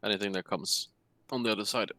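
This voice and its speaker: A man's voice: fairly low pitch, fairly even intonation, fast talker, sharp tone, no echo. A man playing a tabletop game online, wisecracking and eager to act. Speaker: player. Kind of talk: casual game chat.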